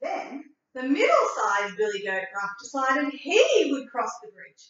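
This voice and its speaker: A woman teacher reading a story aloud and leading a writing lesson for young children, clear and expressive. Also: sits high, measured pace. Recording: echoey room from far off, dull.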